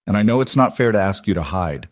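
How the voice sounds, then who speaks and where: A man reading the lines of an anxious young businesswoman in a secret romance, in a soft pleading manner. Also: on the low side, lively intonation, quick pace, no room sound, clean studio sound, close to an everyday voice. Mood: earnest.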